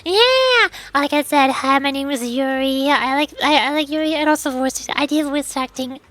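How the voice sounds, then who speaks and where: A tired woman streamer and voice actor chatting quietly and softly with frequent giggles. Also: high-pitched, little pitch movement, moderate pace. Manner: quiet and soft-spoken, giggly. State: tired after hours of streaming. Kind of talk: casual gaming stream chat.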